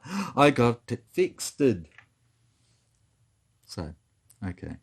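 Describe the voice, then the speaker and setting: A man's voice: sits low, very animated, slow pace, vocal fry, pauses often. A man thinking aloud and counting as he plays through a tabletop wargame, muttering to himself as he moves pieces. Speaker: board game player. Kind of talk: solo tabletop wargame playthrough commentary.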